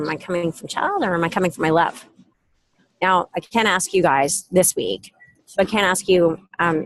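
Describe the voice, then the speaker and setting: A middle-aged woman giving a casual motivational talk, telling stories with lively acted quotes, speaking from an airport. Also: on the low side. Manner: animated storytelling with acted quotes. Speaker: self-help speaker.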